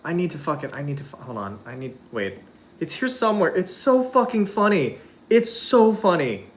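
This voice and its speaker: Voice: mid-range voice, very animated, moderate pace. A streamer chatting casually to their viewers, rambling, swearing often and filling every sentence with "like". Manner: laughs while describing a clip. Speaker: streamer talking to chat.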